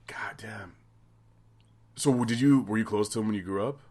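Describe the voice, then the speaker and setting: A man's voice: lowish voice, normal speed, a little mellow. A man hosting a casual interview, curious and jokey, who laughs easily. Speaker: podcast host. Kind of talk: casual chat.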